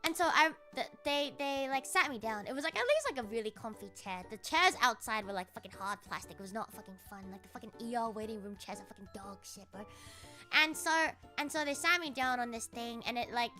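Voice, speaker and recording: A young-sounding woman streamer with a high, sharp voice, rambling through a story with lots of swearing. She talks casually and animatedly to her chat. Soft music plays underneath. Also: animated, a little fast.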